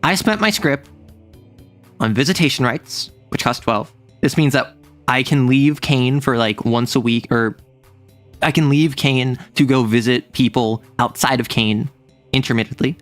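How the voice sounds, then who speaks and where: A man streaming a casual chat, telling a rambling, animated story and laughing often. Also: mid-range voice, measured pace, faint music behind.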